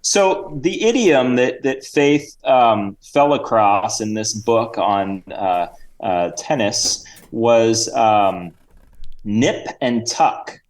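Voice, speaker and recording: A man's voice: lowish voice, lively intonation, very slow. A man co-hosting a comedy podcast, rambling through a mock ad and banter with lots of hesitations. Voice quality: rambling, full of ums and restarts. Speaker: podcast co-host.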